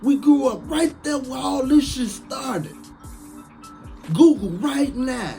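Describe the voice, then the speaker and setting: Slow, preachy man. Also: extremely high pitch, gravelly, faint music behind. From Chicago, USA. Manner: emphatic, preachy, sounds like shouting even when calm. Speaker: online commentator. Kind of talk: casual live-stream monologue.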